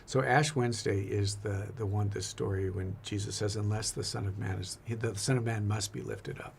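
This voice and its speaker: A man's voice: fairly low pitch, steady tone, moderate pace, vocal fry, a little hiss or hum. A man, a priest, talking earnestly and reflectively in a casual faith conversation, often repeating his words.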